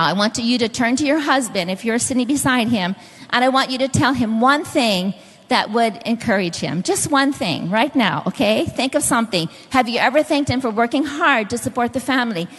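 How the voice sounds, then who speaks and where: A woman's voice: a little high, animated, moderate pace, a bit bright, big-room sound. A middle-aged woman preaching a sermon, telling stories and speaking directly to the congregation. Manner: storytelling, directly addressing the audience.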